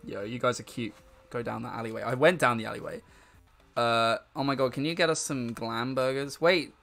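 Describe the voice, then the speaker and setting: A man's voice: mid-range voice, steady tone, a little fast, gravelly, fairly bright tone, faint music behind. Joking, swearing male game streamer. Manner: profane and joking, laughs often. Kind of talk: live let's-play commentary.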